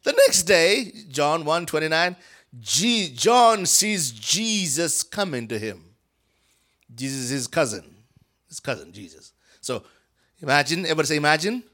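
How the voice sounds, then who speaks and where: Speaking unhurriedly in a voice on the high side, a man from Africa, there as a guest preacher, brings a Bible story to life in a lively sermon. He performs the characters' voices and shifts between whispering and shouting.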